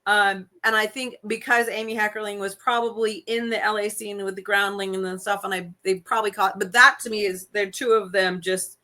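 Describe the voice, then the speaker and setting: A woman's voice: mid-range voice, a little fast, hardly any pauses. A woman co-hosting a movie podcast, chatting casually and rambling with fillers. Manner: rambling, animated, with many fillers. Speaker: podcast co-host.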